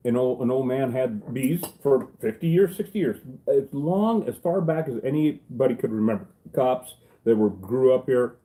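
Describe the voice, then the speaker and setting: The low-quality recording captures a middle-aged man with a mid-range, dark-toned voice. A beekeeper who runs a channel, he rambles casually through stories, cracking jokes and adding salty asides.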